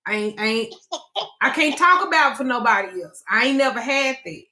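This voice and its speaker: Bright, profane woman talk-show host. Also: on the high side, moderate pace. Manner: blunt, profane and animated. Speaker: host of a live call-in show. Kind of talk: casual storytelling chat.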